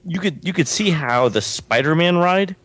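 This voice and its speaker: A man's voice: on the high side, animated, normal speed, a bit bright, no room sound. A man co-hosting a chat show, hesitant and thinking aloud. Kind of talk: casual chat.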